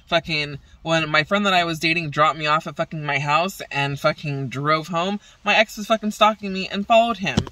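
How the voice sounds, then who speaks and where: Woman vlogger, exasperated and profane, rambling; bright, sharp tone, heard a bit off-mic in a dry room. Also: low-pitched, moderate pace, few pauses, distant mic, poor audio. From Southern California. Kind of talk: casual venting vlog.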